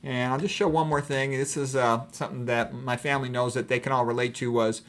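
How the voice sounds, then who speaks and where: A man's voice: mid-range voice, flat delivery, a little fast. A middle-aged man from Chicago, a doctor, talking through a casual personal monologue in a rambling, wry and frank way.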